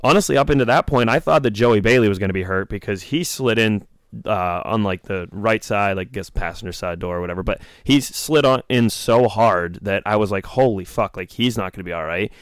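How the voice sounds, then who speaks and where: Dude talking fast and loose, swears a lot, deepish clean voice, dry mic. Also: male voice, smooth, no echo. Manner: excitable, profane, lots of fillers. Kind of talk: casual storytelling podcast chat.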